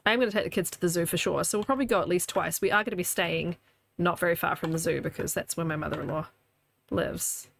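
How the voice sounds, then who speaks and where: A New Zealand woman in her thirties, her accent carrying a faint Scottish tinge, streams a game from a room at home. Her fairly low voice moves quickly with vocal fry, and she's chatty and loose, laughing often and answering her chat while playing.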